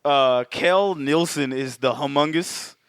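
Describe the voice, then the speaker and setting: A man's voice: a little high, slow pace, clear, resonant tone, dry recording, clean studio sound. A man co-hosting a podcast in casual, joking, profane banter, sometimes reading notes in a dramatic announcer tone. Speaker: podcast co-host.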